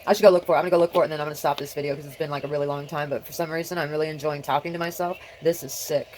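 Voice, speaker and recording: This middle-aged woman's deep, darkish voice races along with fairly even intonation over slight background noise. Vlogging solo, she chats in a scattered, self-directed way and keeps trailing off mid-thought.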